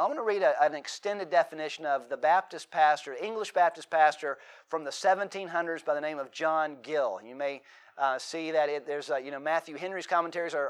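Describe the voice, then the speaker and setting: A middle-aged man preaching a sermon, reading scripture aloud with emphatic delivery and frequent word repetitions. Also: fairly high pitch. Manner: emphatic preaching, repeats words, dramatic acted quotes. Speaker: pastor.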